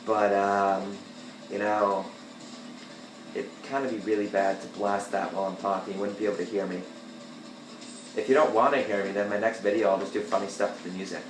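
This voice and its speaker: A man rambling and joking through casual gameplay commentary, breaking into loud outbursts now and then. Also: fairly low pitch, flat delivery, brisk, noisy background. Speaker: gameplay video host. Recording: echoey room with game music behind.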